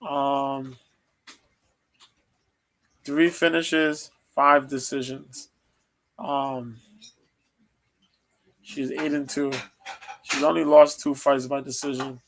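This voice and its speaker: Male stream host, gravelly, monotone, casual fight-preview chatter full of ums. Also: medium pitch, extremely slow, long pauses, poor audio. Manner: loose, rambling, lots of ums.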